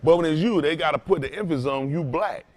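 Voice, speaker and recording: Preaching man, emphatic and loud. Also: on the high side, fast. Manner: loose, emphatic, rising to loud bursts. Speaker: pastor. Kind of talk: preaching to a congregation.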